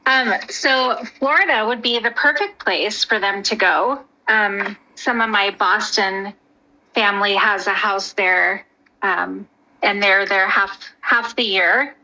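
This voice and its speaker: A woman joins a livestream over a headset, chatty and laughing between phrases. Her voice is bright and a little high. The call audio is dull and lo-fi. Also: takes it slowly. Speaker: livestream guest. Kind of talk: casual call-in chat. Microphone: headphones with mic.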